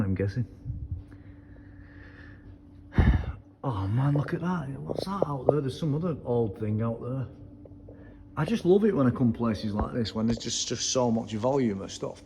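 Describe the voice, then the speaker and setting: A chatty Englishman with a mellow mid-range voice and lively intonation speaks a little fast while touring a tractor museum, reading labels and swearing freely. The reverberant hall carries faint ambience and slight background noise.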